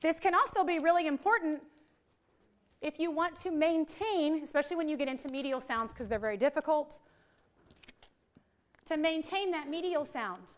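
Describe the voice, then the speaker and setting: A high-voiced woman runs a live workshop for teachers. She keeps it playful and jokes with the crowd in front of her. She also stretches out single speech sounds to demonstrate them. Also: normal speed, long pauses. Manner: playful, joking with the audience, drawing out sounds. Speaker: literacy trainer presenting to teachers. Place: training room with a live audience.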